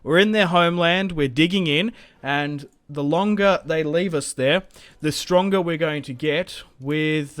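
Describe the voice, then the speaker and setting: Young guy doing strategy game commentary, kinda high voice, excitable, lots of "like" and thinking out loud. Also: smooth, no echo. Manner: excitable, thinks aloud with frequent fillers. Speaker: gaming channel host.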